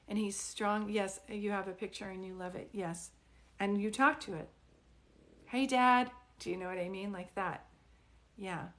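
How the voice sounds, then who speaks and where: A woman speaks gently on a live stream, reassuring her viewers with endearments like sweetie and honey. Her sentences wander and restart as she talks. Her voice sits at a middling pitch for a woman, picked up by a phone or webcam mic. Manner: soft, soothing, calls people sweetie and honey; rambling, restarts mid-sentence. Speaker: psychic medium doing live readings. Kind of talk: livestream reading with viewers.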